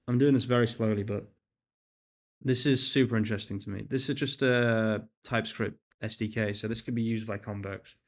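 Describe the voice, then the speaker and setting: A young man chatting casually on a live stream while coding, reading chat aloud, laughing and swearing now and then. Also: on the low side. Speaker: livestream host.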